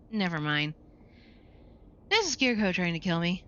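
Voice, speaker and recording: A woman streaming a game, chatting casually and tossing off playful, deadpan quips. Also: lowish voice, slow pace, pauses often, dull audio.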